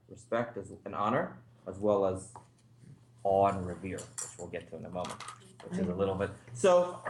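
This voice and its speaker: A man, a rabbi, teaching a class in a relaxed, conversational way with frequent asides. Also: medium pitch. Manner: conversational, thinks aloud, many asides. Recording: echoey room.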